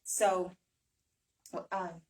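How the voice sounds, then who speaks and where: A woman's voice: lowish voice, little pitch movement, very slow, darkish tone. A woman giving a casual talk to a small audience, chatty, with many fillers and frequent "right?". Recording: voice from some distance.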